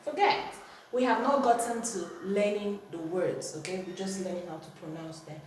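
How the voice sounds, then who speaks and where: A woman's voice: mid-range voice, moderate pace. A woman with a Nigerian accent teaching a language lesson at home, firmly correcting and repeating words with exaggerated tones. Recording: echoey room, distant mic, faint noise.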